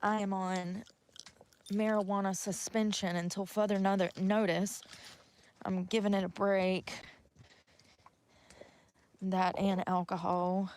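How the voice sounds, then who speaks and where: A woman's voice: medium pitch, darkish tone, slight background noise. A breathless woman, rambling and cursing freely as she vlogs live outdoors in the snow by a river on a handheld phone. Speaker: vlogger. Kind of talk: casual livestream chat.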